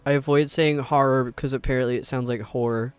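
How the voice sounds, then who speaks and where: A man's voice: medium pitch, steady tone, brisk, clean tone, no echo, soft background music. A young man with a New York accent, chatting casually on a live stream in a rambling way, with lots of filler words. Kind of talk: casual chat while gaming.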